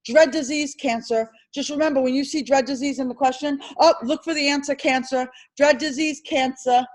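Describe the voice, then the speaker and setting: A woman teaching an insurance licensing class, drilling terms over and over and firing questions at her students. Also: high voice. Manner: animated, repetitive drilling with quick questions to students. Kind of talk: classroom exam-prep lecture.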